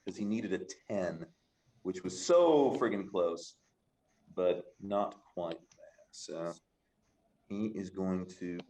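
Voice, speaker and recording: A man's voice: deep voice, expressive, takes it slowly, mellow, a little hiss or hum. A man narrating a tabletop game as game master in a casual, rambling way. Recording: echoey room.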